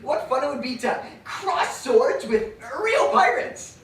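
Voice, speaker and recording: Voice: high voice, slow pace, full character voice. An actor doing an eager, boastful boy. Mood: excited. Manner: excited, laughing, breathless eagerness. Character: eager, boastful boy who longs to fly. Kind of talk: stage play acting. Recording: echoey stage from a far mic.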